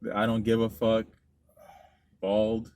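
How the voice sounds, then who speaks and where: A man's voice: lowish voice, monotone, slow, a little mellow. A man in casual car chat as a podcast co-host, laid-back and teasing, often laughing. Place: inside a car.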